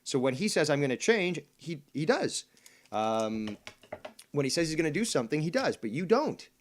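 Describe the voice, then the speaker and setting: A man's voice: fairly high pitch, very animated, normal speed, slight background noise. Mocking man commenting on a stream. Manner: mocking, hesitant with fillers and restarts, profane. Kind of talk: casual livestream commentary.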